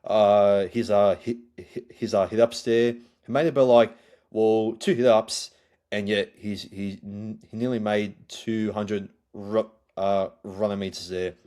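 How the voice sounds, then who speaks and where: A man hosts a solo rugby league review podcast. His voice sits a little low, and he talks haltingly, full of ums and restarts. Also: steady tone, mellow. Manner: halting, many fillers and restarts. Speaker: podcast host.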